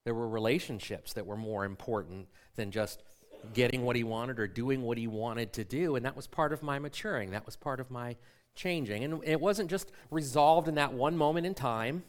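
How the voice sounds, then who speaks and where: A man's voice: medium pitch, moderate pace. A man in his forties, a pastor, preaching a sermon by telling a self-mocking personal story and acting out the dialogue.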